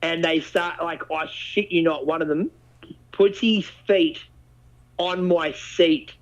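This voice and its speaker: A man hosting a casual chat and telling stories in an animated way, swearing freely. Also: fairly high pitch, slow pace. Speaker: podcast host. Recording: dull lo-fi audio.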